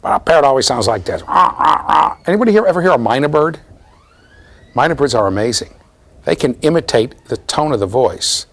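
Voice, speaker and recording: A middle-aged man giving a university lecture, animated and storytelling, often checking in with the class. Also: medium pitch, fast. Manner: animated storytelling, mimics voices, asks the class "right?". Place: lecture hall.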